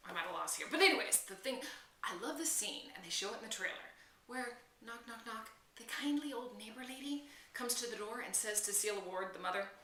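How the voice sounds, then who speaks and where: A woman hosting her own film vlog, gushing in an animated, chatty way to the camera. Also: on the high side, fairly quick, echoey room, far from the mic, slight background noise. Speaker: film vlogger host. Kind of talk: excited casual film chat to camera.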